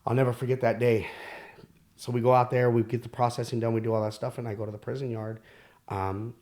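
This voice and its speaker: A man speaks candidly as a podcast guest, telling his own story with frequent fillers and restarts. His voice sits at an average pitch for a man. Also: flat delivery, fast, a little mellow. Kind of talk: personal storytelling.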